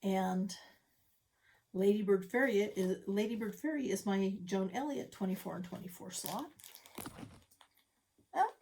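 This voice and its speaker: A woman's voice: medium pitch, unhurried, long pauses, darkish tone, a little hiss or hum. A middle-aged woman showing her cross-stitch projects in a casual home vlog, chatty and self-deprecating with rambling asides. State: a little out of breath. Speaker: stitching vlogger. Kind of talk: casual show-and-tell vlog. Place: home craft room.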